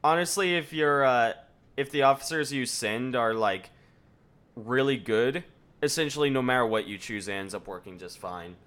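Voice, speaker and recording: Animated, bright-voiced male streamer. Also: medium pitch, moderate pace. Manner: animated, reads game text aloud and jokes. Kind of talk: casual gameplay commentary.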